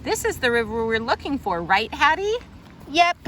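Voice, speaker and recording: A woman's voice: high voice, big pitch swings, normal speed, bright, forceful tone, a little hiss or hum. A woman teacher reading a picture book aloud to a young child, patiently explaining names of plants and birds and asking questions along the way. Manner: patient, answers a child's interruptions.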